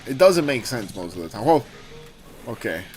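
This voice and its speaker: A young man hosting a gaming livestream, talking casually and telling rambling, animated stories with swearing. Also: medium pitch, moderate pace, soft background music. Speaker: streamer host.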